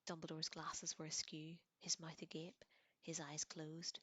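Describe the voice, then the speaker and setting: A woman whispers her way through a novel in close, soft whispered role-play, sometimes correcting a slip. Her voice sits low, and the sound is dry with no room echo. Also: completely flat delivery, measured pace, breathy edge. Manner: soft, close whispered reading with small slips. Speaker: audiobook reader.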